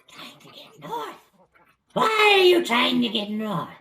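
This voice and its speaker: A man's voice: very animated, slow, gravelly, recorded from a distance, a crowd in the background, full character voice. A man voicing a cocky male goblin leader with a thin, reedy Cockney voice and a taunting manner, recorded in an echoey room away from the mic. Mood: suspicious. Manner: taunting, high and loud.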